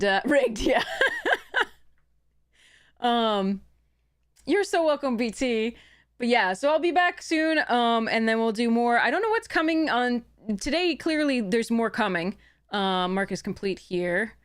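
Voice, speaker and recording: A woman's voice: fairly high pitch, clear, resonant tone. A woman streamer chatting casually to her live audience, rambling with many fillers and restarts. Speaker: game streamer.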